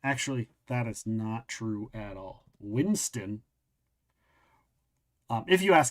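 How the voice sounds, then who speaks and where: A man's voice: fairly low pitch, sing-song, takes it slowly, pauses often. A man running a tabletop game as game master, narrating with frequent restarts while he searches for words.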